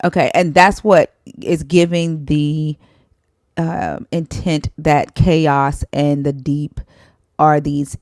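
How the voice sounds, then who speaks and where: A woman's voice: deep voice, little pitch movement, slow pace, darkish tone, no echo, clean studio sound. A woman learning Hebrew on a live stream, asking hesitant questions with many fillers. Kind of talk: casual live-stream chat.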